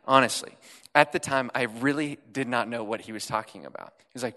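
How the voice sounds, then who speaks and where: A man's voice: mid-range voice, brisk, sharp tone. A young man giving a self-deprecating, chatty talk to an audience on a handheld mic, joking as he tells a story. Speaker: guest speaker. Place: large hall with audience. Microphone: handheld microphone. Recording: long hall reverb.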